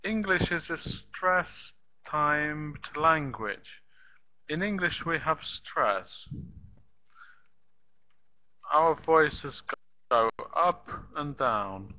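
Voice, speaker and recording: A man teaching a beginner English lesson, repeating example sentences slowly and tapping out rhythm with "da da da". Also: on the high side, expressive, pushed and bright, poor audio. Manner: slow, deliberate, repeats sentences for learners; claps out rhythm with "da da da". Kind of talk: live online language lesson.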